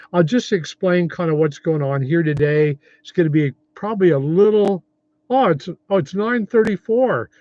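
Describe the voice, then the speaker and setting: A man's voice: on the high side, darkish tone, no room sound, lo-fi sound. A 70-year-old man hosting a casual livestream, rambling in a friendly way and reading viewer comments aloud. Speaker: livestream host.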